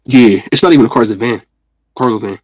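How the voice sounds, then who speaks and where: Rambling young-sounding caller on muffled audio. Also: male voice, mid-range voice, quick pace, dry recording. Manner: rambling with many fillers and restarts. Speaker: caller on a live stream. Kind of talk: casual comedic call-in. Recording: muffled dry call audio.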